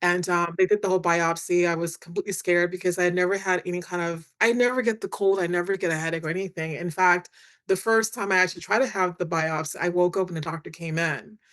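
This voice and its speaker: A middle-aged woman, a guest on a podcast, candidly telling her story in a chatty, animated way, with many fillers and lots of quoted dialogue. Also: fairly low pitch, fast. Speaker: guest, attorney and author.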